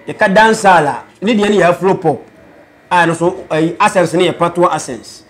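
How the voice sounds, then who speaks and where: A Ghanaian man with a noticeably high voice talks animatedly in a casual interview. He mixes English phrases into his talk and slips into Patois-style lines. He comes across as an aspiring rapper explaining his views on music. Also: fairly quick.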